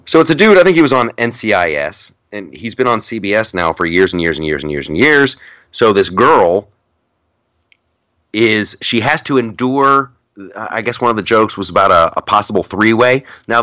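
Casting: middle-aged male podcast host, low and bright, dry close sound, rambling and restarting. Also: lively intonation, moderate pace, dry recording. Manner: rambling, laughs a lot, many restarts. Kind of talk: casual chat.

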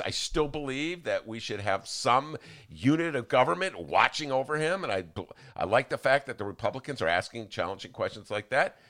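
Hosting a casual political podcast, this man speaks with a mid-range voice and a fairly bright tone. He frequently rambles and restarts, and his voice swings widely as he acts out quotes.

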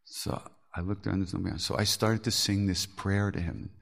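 A man's voice: deep voice, fairly even intonation, brisk, vocal fry, a bit bright. An older man hosting a podcast, telling spiritual stories candidly, laughing often and swearing casually. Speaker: podcast host. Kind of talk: reflective spiritual storytelling.

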